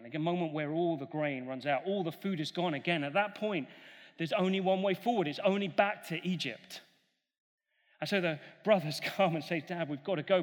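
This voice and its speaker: A man preaching a sermon, retelling a story in an animated way and acting out the characters' voices. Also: on the high side. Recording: long hall reverb.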